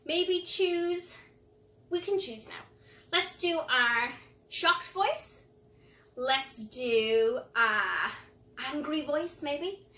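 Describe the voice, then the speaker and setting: A woman's voice: sits high, animated, extremely slow, pushed and bright, echoey room, recorded from a distance. A woman leading a playful nursery rhyme lesson for young children, trying out funny voices. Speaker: early childhood music teacher.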